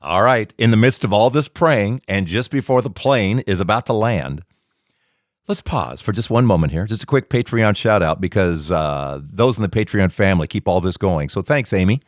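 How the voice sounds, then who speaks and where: A man's voice: fairly low pitch, lively intonation, moderate pace, dry recording, studio quality. A man hosting a podcast, asking the guest questions and reading thanks to supporters. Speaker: podcast host. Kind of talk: interview and sponsor read.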